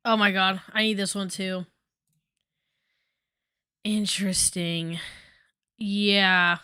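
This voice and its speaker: A woman's voice: medium pitch, slow, pauses often, bright, forceful tone, smooth, dry recording, clean studio sound. A woman in her twenties chatting casually on a stream while reacting to clips, exclaiming often and trailing off with fillers.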